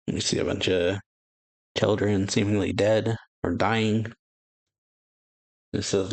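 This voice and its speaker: A man's voice: lowish voice, unhurried, a little mellow, dry recording. A man hosting a reaction channel who casually reads and paraphrases a manga chapter aloud, chuckling often and correcting himself as he goes. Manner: paraphrases character dialogue aloud with frequent chuckles; loose, rambling narration with self-corrections.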